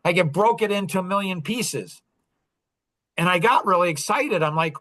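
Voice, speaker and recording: A man's voice: high-pitched, animated, normal speed, a bit bright. Middle-aged man, podcast storyteller, rambling and full of fillers. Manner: rambling, repeats words, many fillers. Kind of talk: animated personal storytelling.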